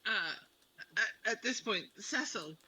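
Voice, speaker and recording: A man's voice: high-pitched, expressive, takes it slowly, sharp tone, slight background noise, rough recording. A man narrating an improvised role-play as game master, in a playful, meandering way.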